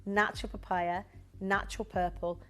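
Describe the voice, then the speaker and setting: A woman presenting on a live shopping channel, pitching jewellery with eager, persuasive flow. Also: level tone, a bit bright. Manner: enthusiastic, persuasive, fast-flowing.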